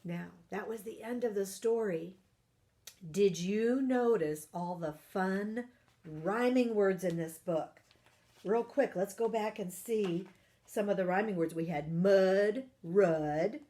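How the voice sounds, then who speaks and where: A woman reading a children's picture book aloud, animated, asking her young listeners questions and gasping for effect. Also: mid-range voice, takes it slowly. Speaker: parent partner reading storytime.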